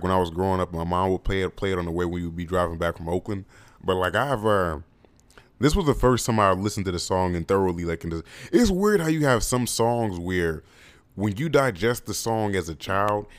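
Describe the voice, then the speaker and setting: A man in his twenties hosting a casual podcast monologue, animated and playful, with mock-preacher flourishes and sudden leaps up into high exclamations. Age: 20s. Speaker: podcast host.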